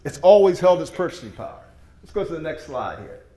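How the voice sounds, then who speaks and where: A fairly high-pitched man pitches to a room with a lively, swooping delivery. He is emphatic and folksy, and his voice bounces around an echoey meeting room. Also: fairly quick. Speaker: presenter. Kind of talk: sales presentation with slides.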